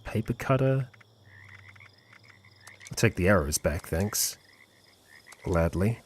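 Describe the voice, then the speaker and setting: A man's voice: low-pitched, expressive, takes it slowly, a little hiss or hum. A man streaming a game live, commentating and cheering on his companion.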